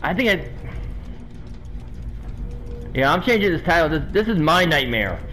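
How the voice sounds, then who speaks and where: A man's voice: on the high side, big pitch swings, unhurried, sharp tone, soft background music, low-quality recording. A man hosting his own gaming videos, swearing and venting his frustration as he plays. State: irritated. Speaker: gaming channel host. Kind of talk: angry live gameplay commentary.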